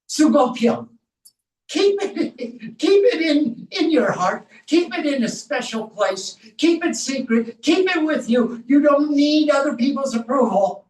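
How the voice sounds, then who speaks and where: A woman's voice: high voice, animated, a little slow, a little mellow. A woman teaching a scripture class, speaking emphatically and explaining Sanskrit verses phrase by phrase. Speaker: spiritual teacher. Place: temple hall. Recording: echoey room, voice from far off.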